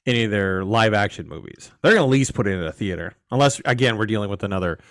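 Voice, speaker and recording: A man's voice: lowish voice, lively intonation, quick pace, fairly bright tone, no room sound, clean studio sound. A man co-hosting a podcast, chatting casually with a quizzical, sardonic edge. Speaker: podcast co-host. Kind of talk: casual chat.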